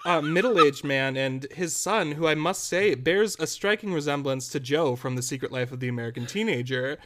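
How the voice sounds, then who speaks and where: A young man, a podcast co-host, telling a story in a casual, animated, dramatic way that keeps breaking into laughter. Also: on the high side, moderate pace.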